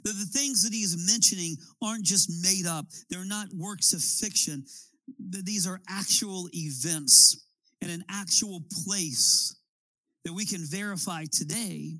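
A man's voice: high voice, unhurried, bright, forceful tone, no echo, poor audio. A man preaching a sermon as a pastor, building his points with emphatic, rising appeals.

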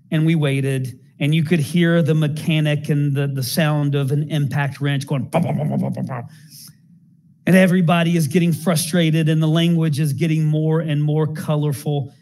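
A man preaches a sermon in a fairly high voice. He tells stories as he goes and asks the congregation rhetorical questions. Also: little pitch movement, normal speed, a little mellow. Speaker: pastor.

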